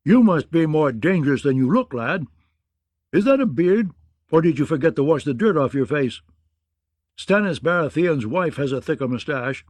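A man voicing a gruff, bawdy, blustering male knight in an audiobook, with a mocking, growling manner. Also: on the high side, lively intonation, moderate pace, a little mellow, no echo, studio quality, pitched above the performer's own voice. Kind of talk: audiobook character voice.

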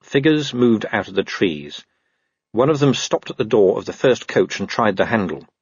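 A man narrating a comic fantasy novel in a wry, lively storytelling manner. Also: lowish voice, normal speed, breathy edge, no room sound, highs cut off. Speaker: audiobook narrator.

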